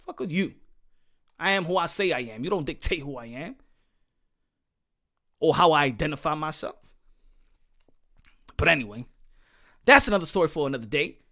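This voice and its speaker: American man, boxing commentary host, profane rant with a high pitch, repetitive and combative. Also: lively intonation, moderate pace, long pauses, sharp tone. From United States. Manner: heated, profane, repetitive, rhetorical questions. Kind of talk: ranting commentary monologue.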